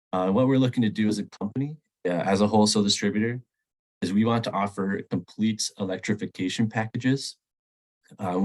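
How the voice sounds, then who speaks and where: A man's voice: sits low, rough recording. A man hosting a sales webinar with a stuffy, nasal voice from a cold, talking casually with many ums and uhs. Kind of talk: webinar presentation.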